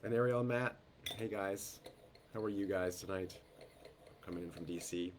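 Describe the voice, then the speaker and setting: Male tasting host on a video call, low and throaty from a head cold, slow and descriptive, faint background noise. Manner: unhurried, descriptive, greets guests by name. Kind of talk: live online wine tasting.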